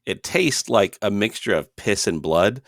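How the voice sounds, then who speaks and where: A man acting as game master, narrating a tabletop game in a slow, measured way. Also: fairly low pitch, animated, gravelly, fairly bright tone, no echo, clean studio sound.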